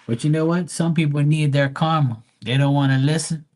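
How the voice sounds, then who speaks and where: A man's voice: fairly high pitch, brisk, a little mellow. A man hosting a live stream and chatting casually to his viewers, crude and boastful, rambling with lots of fillers. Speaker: live-stream host talking to chat.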